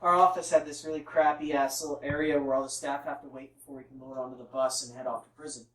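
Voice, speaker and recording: A man's voice: mid-range voice, little pitch movement, fast, a bit bright. A man co-hosting a podcast, rambling through anecdotes in casual chat. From Canada. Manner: rambling anecdotes, lots of fillers. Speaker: podcast co-host. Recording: echoey room, distant mic.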